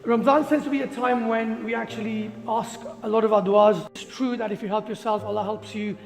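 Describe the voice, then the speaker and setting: High-voiced man giving a rousing talk. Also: steady tone, brisk, creaky. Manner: emphatic, fires rhetorical questions. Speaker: motivational speaker. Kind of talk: motivational talk to a group. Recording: echoey hall with faint music.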